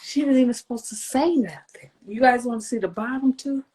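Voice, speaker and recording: A livestream host chats loosely and rambles, swearing a lot and cracking jokes. Her voice is a little high with a dark tone, and she talks fairly quickly. The low-quality recording carries slight background noise.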